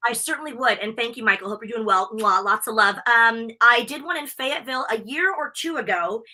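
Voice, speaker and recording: Bubbly fast-talking American woman. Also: fairly high pitch, sharp tone. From United States. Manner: bubbly, gushing storyteller. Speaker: wrestling interviewer and convention host. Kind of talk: excited casual interview chat.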